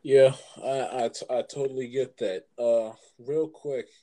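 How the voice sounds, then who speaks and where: A man's voice: mid-range voice, steady tone, unhurried, mellow. A man hosting a casual sports chat, asking his guest questions and often repeating words as he goes. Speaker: podcast host.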